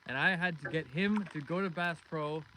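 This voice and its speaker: A man's voice: on the high side, normal speed, pushed and bright, poor audio. A man hosting a live fishing stream from a boat outdoors, chatting casually and greeting viewers by name. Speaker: fishing livestream host. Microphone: phone streaming live. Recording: wind and outdoor noise.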